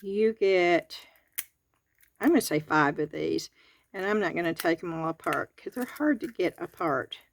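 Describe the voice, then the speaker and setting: With a fairly low, creaky voice and lively intonation, a Southern US woman reviews a craft kit from her home garage at a moderate pace, chatting homespun-style and counting the items aloud. She hosts crafting videos, and slight hiss or hum sits under the audio.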